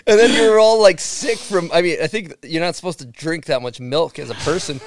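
Man, podcast host, high voice, chatty and joking. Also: a little fast. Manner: chatty, joking, leads stories. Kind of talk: casual podcast chat.

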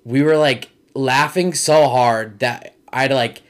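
A young man from Michigan chats on a comedy podcast, rambling loosely from one story to the next with "like" all through. His voice sits at an ordinary middle pitch, neither high nor low. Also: takes it slowly. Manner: loose, rambling, says "like" often. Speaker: guest comedian. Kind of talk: casual podcast chat.

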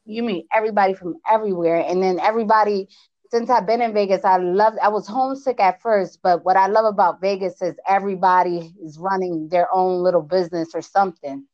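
A woman from the US East Coast with an East Coast accent, chatting casually about business and networking, lively and repeating phrases for emphasis. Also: mid-range voice, fairly quick, no echo, lo-fi sound. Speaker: business owner.

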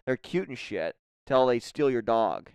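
A man's voice: medium pitch, a little slow, smooth, dry recording. A young man from Nebraska in casual group chat, telling rambling, profane stories as a podcast co-host. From Nebraska, USA. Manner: rambling, profane, lively storytelling.

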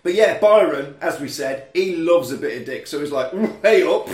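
Guy chatting on a podcast, kinda high voice, acts out lines, roomy echo, faint music. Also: moderate pace. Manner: animated, acts out film lines in put-on voices. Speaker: podcast host recapping a film. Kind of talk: casual chat.

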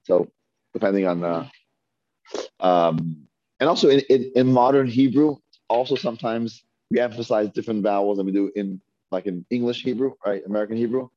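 A man teaching a Hebrew reading class, patiently repeating words slowly and asking his students questions. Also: lowish voice, warm tone. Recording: dull lo-fi dry recording.

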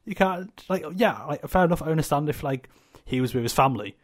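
A man's voice: on the high side, lively intonation, fast. A young man, co-hosting a podcast in casual, sweary, rambling chat. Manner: sweary, rambling, laughs often. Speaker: podcast co-host.

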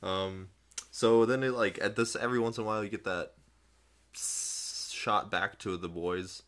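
A man with a fairly low voice who walks through a movie plot in a relaxed, easygoing way, full of little fillers as he hunts for words. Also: normal speed. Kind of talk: casual movie recap chat.

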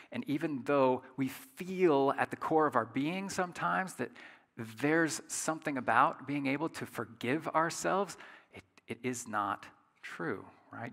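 Bright-voiced man preaching in a big hall. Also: mid-range voice. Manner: conversational, emphatic, asks the audience rhetorical questions. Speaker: pastor. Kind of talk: sermon.

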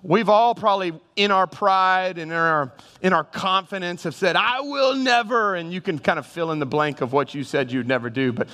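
A man's voice: a little high, fairly quick, sharp tone, clean tone. A male pastor preaching a sermon with humor, calling out to his congregation. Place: church sanctuary. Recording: reverberant church hall.

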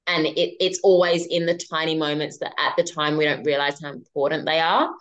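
A woman, a podcast guest, telling a personal story in a casual, animated way with some swearing. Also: low-pitched, brisk, highs cut off.

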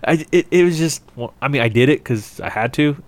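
A man co-hosting a casual podcast, relaxed and dry. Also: fairly high pitch, fairly quick. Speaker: podcast co-host.

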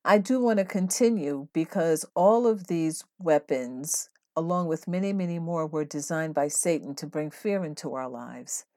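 A woman hosting a devotional podcast, teaching in an earnest, steady way and reading scripture aloud. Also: sits low, moderate pace, hardly any pauses. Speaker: podcast host.

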